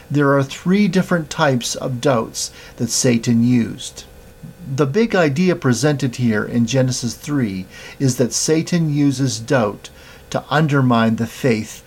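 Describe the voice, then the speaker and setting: Guy preaching a morning sermon, gravelly and kinda husky, reads scripture slow and steady. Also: mid-range voice. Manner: measured preaching with scripture reading. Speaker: pastor.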